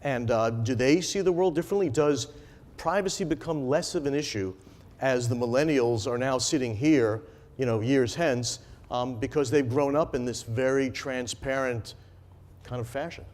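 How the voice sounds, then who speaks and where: A man interviewing a guest on a conference stage, asking long rambling questions and often agreeing out loud. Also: medium pitch, normal speed, long reverb tail. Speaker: interviewer, head of the organization.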